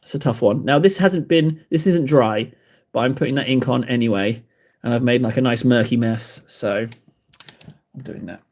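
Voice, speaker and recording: A man's voice: mid-range voice, moderate pace, a little mellow. A man hosting a livestream, chatting with viewers while painting models, rambling and self-mocking, laughing often. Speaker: livestream host painting miniatures. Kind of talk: casual chat with live chat.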